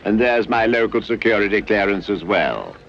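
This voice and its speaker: A suave official. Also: male voice, lowish voice, big pitch swings, moderate pace. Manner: smooth, genteel, lightly ironic. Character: urbane, polished British government gentleman. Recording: dull lo-fi film soundtrack with street noise.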